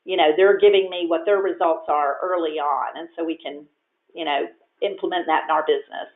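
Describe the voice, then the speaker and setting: A woman telling stories about her business as an interview guest, lively and competitive, her voice climbing when she quotes herself. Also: low voice, brisk. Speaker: guest, real estate agent. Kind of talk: interview answers, storytelling. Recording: echoey, phone-like audio.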